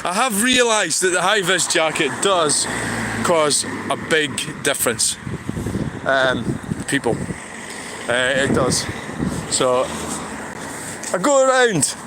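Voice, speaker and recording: Heavy noise surrounds a Scottish vlogger livestreaming on foot by a road, who speaks slowly with big swings in a medium-pitched voice. The talk rambles, with sighs and restarted thoughts.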